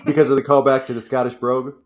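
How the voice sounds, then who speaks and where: A man co-hosting a livestream, with dry, teasing banter over a video call. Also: medium pitch.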